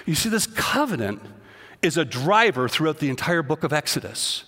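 Animated preacher in an echoing church. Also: male voice, on the high side, normal speed. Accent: American. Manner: animated scripture reading, rising loud on quotes. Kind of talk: sermon. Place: church sanctuary. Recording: long church reverb.

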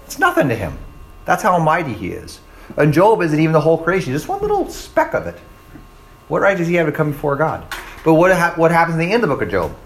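A man preaching a sermon with a slightly higher voice than most men. He talks in a casual, conversational way, stops to ask "right?", and acts out quoted voices. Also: huge pitch swings, quick pace, a little hiss or hum. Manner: checks in with "right?" and "okay?". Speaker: pastor.

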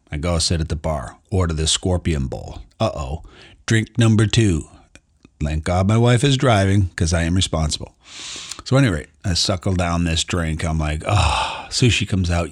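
A man's voice: deep voice, husky. A middle-aged man hosting his podcast, giving an earnest, emphatic motivational monologue in a conversational way. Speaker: podcast host.

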